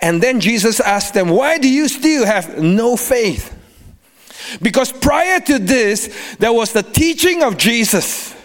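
A man preaching a sermon as a guest preacher, animated, with sing-song cadences and frequent laughter. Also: very high-pitched, slow.

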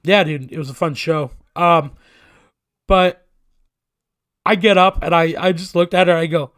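A man with a somewhat high voice tells a rambling, profane story in a casual chat. He laughs at himself and leans into the punchlines. The sound is dry and close, with no room around it. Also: unhurried, no echo. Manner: profane, animated, self-mocking storyteller.

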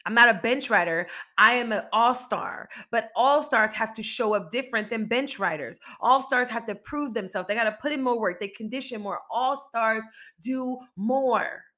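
A woman's voice: a little high, normal speed, bright, forceful tone. A woman hosting a motivational podcast, talking casually but emphatically with a repetitive, preaching cadence and faith-infused encouragement. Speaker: podcast host.

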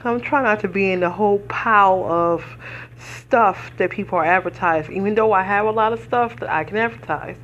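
Tearful and earnest, a US podcast host gives emotional, preacherly commentary in a brisk, mid-range voice with a fairly bright tone. The audio sounds dull.

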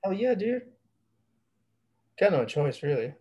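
Casual podcast co-host, husky male voice, rambling and slangy. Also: sits high, sing-song, slow, warm tone, highs cut off. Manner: rambling, laid-back, slangy. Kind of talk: casual chat.

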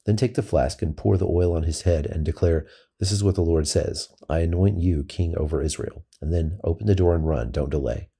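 An old prophet read by a man hands out solemn instructions, measured and clear in intent. The voice is deep and mellow, with a husky texture. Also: exaggerated voice. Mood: instructing. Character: old male prophet giving solemn orders.

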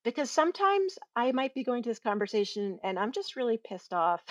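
A woman on a podcast who trains people in giving feedback, telling lively stories and acting out quoted voices, laughing often. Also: fairly high pitch, brisk, no room sound. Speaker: guest, workplace feedback trainer. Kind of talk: casual podcast conversation.

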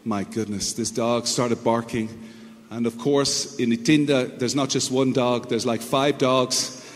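A man preaching a sermon as pastor, telling stories in an animated way with sound effects and imitations. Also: medium pitch, measured pace, long reverb tail, a little hiss or hum.

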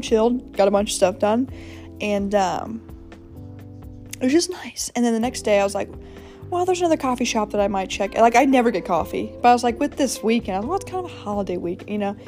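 A woman's voice: a little high, dark tone. A young woman hosting her own podcast, telling a rambling personal story in a casual, chatty way with lots of fillers and self-corrections. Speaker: podcast host.

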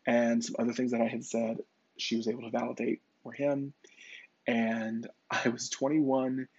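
A man's voice: mid-range voice, flat delivery, normal speed, darkish tone, husky, no room sound, lo-fi sound. A man who works as a psychic medium, telling a personal story in a conversational way, with fillers and restarts.

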